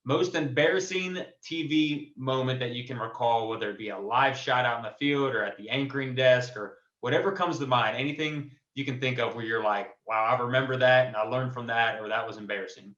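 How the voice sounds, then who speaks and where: A man's voice: medium pitch, a little fast, few pauses, a bit bright, echoey room, muffled recording. A man hosting a casual interview podcast, easygoing and brief in his replies. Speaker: podcast host.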